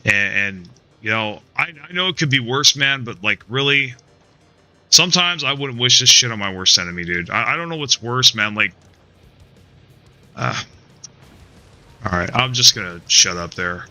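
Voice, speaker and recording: A man's voice: medium pitch, expressive, moderate pace, long pauses, sharp tone, soft background music. A man streaming a video game live, talking casually in a rambling, profane, frustrated way, restarting his sentences and tagging them with "man" and "dude". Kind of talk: casual live-stream chat while playing.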